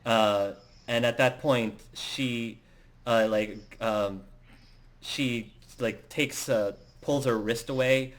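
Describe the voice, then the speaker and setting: A man narrating a tabletop game as game master, in a halting way with many fillers and restarts. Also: mid-range voice, steady tone.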